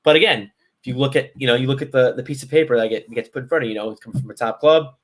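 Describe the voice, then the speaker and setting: A man guesting on a football podcast talks in a racing, medium-pitched voice. The casual football chat is loose and easygoing, rambling along with many fillers, restarts, and "you know"s.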